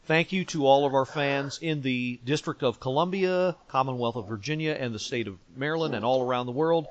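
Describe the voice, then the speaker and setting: A man's voice: medium pitch, a little fast, a little hiss or hum. A man hosting a casual sports podcast, joking and rambling with lots of fillers. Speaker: podcast host. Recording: dull lo-fi sound.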